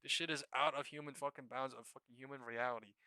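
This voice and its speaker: Male trading streamer, profane and exasperated, very bright voice, dry close mic. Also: medium pitch, fairly even intonation, fast, clean tone, no echo. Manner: profane, exasperated rambling about trades. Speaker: live stock trading streamer. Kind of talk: casual live-stream commentary.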